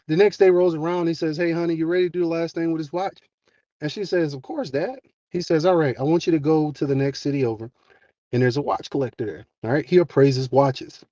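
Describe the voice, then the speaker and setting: A man with a mellow, slightly high voice tells a motivational story in a loose, conversational way and acts out each character's lines. The sound is dry and close. The recording is dull and muffled. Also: no echo. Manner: folksy and conversational, acts out dialogue.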